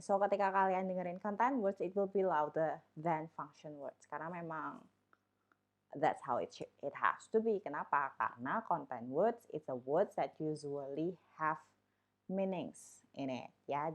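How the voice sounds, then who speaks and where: A woman's voice: fairly low pitch, lively intonation, normal speed. A woman with an Indonesian accent teaching an English lesson in a chatty way, switching between English and Indonesian. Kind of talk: casual online lesson.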